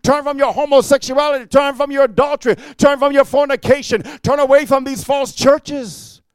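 A man preaching a fiery sermon, repeating "amen" and swinging from low muttering to shouting. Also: steady tone, moderate pace, no echo. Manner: repetitive call-and-response, frequent "amen".

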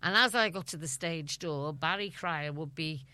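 A woman's voice: sits low, normal speed, sharp tone, no room sound. A middle-aged woman with a Liverpool Scouse accent, a guest chatting casually and laughing as she tells stories. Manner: chatty storyteller, laughing often. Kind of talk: casual interview chat.

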